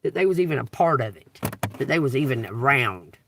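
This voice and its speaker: Gravelly man preaching on a live reading. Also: medium pitch, expressive, brisk, fairly bright tone, a little hiss or hum. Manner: reads scripture then riffs casually, repeats "okay?" often; emphatic, swears and laughs while preaching. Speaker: tarot reader. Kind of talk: livestream spiritual reading.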